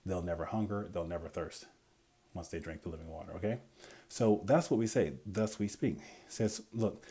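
Man, low dark husky voice, casual Bible teacher who quizzes his listeners with rhetorical questions and pushes harder as he goes. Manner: conversational, asks rhetorical "what?" questions, grows emphatic.

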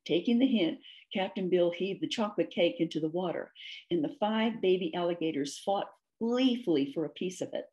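A woman author reading her own storybook aloud, measured and gentle. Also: lowish voice, highs cut off. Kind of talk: storybook read-aloud narration.

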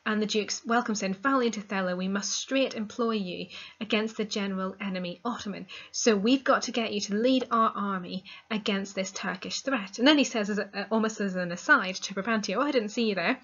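A woman's voice: medium pitch, fairly quick, a bit bright, lo-fi sound. A woman teaching a literature lesson, reading quoted lines from a play and then explaining them in plain words.

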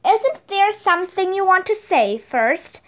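A woman's voice: very high voice, very animated, unhurried, a bit bright, pitched above the performer's own voice, full character voice. A woman voicing an eccentric, spooky school secretary in a witch costume, in a theatrical, teasing manner, in a storybook read-aloud.

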